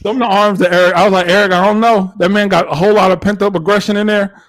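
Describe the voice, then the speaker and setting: A young man co-hosting a casual live review chat, animated and acting out what others said. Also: high voice, quick pace. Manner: animated, reenacts others in quoted voices. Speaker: co-host reviewing a reality show.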